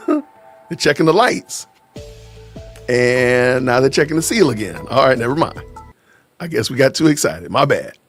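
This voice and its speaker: A man hosting a casual livestream podcast, playful and quick to laugh while shouting out viewers. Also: mid-range voice, very animated, soft background music. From Aurora, Illinois. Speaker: podcast host. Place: home in Georgia.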